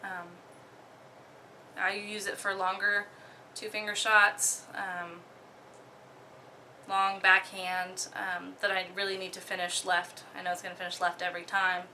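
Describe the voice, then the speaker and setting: A young woman from Oklahoma casually talking through her disc golf bag, relaxed, with many ums and the odd giggle. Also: mid-range voice, a little slow, slight background noise. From Oklahoma, USA. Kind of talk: casual show-and-tell.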